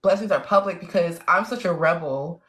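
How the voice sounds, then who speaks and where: A woman hosting a casual live chat, excitable and slangy, laughing often as she talks. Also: on the low side, a little fast. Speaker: livestream host.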